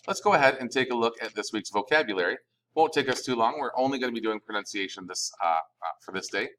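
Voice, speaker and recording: A man's voice: mid-range voice, fast talker, a bit bright, low-quality recording. A male Spanish teacher giving a recorded class lecture, explaining informally with fillers and self-corrections.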